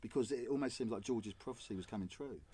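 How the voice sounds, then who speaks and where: A man's voice: medium pitch, fast, mellow, breathy edge, dry recording. A man hosting a podcast, asking questions, prompting and laughing along with his guest. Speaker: podcast host. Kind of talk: interviewer questions. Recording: heard from farther off the mic.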